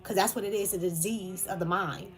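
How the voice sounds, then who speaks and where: A woman's voice: medium pitch, steady tone, fairly quick, faint music behind. A woman speaking, delivering a channeled spiritual message in an earnest, emotional way with hesitant fillers.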